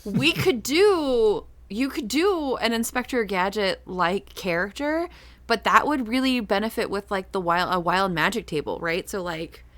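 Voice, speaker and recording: A woman co-hosting a podcast, thinking out loud in an animated, giggly way. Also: medium pitch, measured pace. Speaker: podcast co-host. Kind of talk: casual chat.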